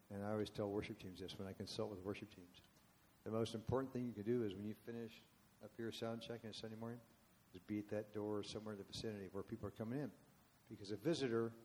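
In his seventies and leading worship, this man's sermon is one long, meandering tale told conversationally, with casual remarks to the church listeners. He has a fairly low, slightly mellow voice.

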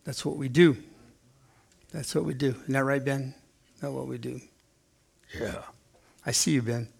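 A man's voice: medium pitch, fairly even intonation, a little slow, vocal fry, a little mellow, breathy edge. A man in his sixties preaching a sermon in a conversational way, acting out the quotes in playful voices. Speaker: pastor.

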